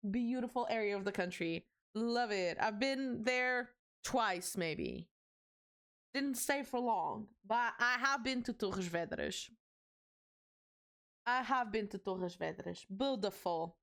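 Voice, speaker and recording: A young Portuguese woman with a Portuguese accent chats casually with her live-stream chat as she builds a set. Her voice is fairly high with some vocal fry, and she speaks slowly but stays animated and chatty, reacting to the chat.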